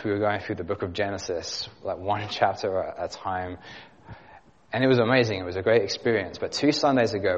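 Preacher in an echoing church. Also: male voice, sits low. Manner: earnest storytelling with light laughs. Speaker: youth leader preaching. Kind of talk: sermon with story and prayer. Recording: dull lo-fi sound with long hall reverb.

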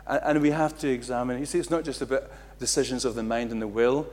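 Animated preacher man. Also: mid-range voice, quick pace. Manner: animated, acts out quotes with big swings in loudness. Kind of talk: sermon.

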